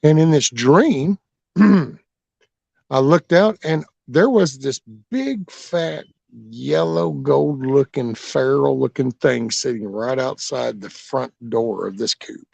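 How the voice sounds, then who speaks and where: Gravelly man telling rambling jokey stories. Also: medium pitch, slow pace, darkish tone, no echo. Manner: rambling, jokey, swears casually. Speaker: backyard chicken keeper and vlog host. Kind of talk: casual storytelling chat. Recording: dull lo-fi dry audio.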